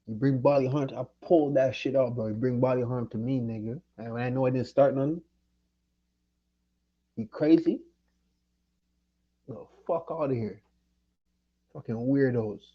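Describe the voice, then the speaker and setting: During his livestream, a man from Jamaica delivers a heated, profane rant, confronting someone in anger. He speaks at a medium pitch and moderate pace, captured in dull audio.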